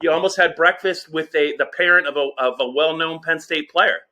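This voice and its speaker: A man's voice: fairly high pitch, a little fast, pushed and bright. A man co-hosting a sports podcast in casual chat, emphatic and opinionated.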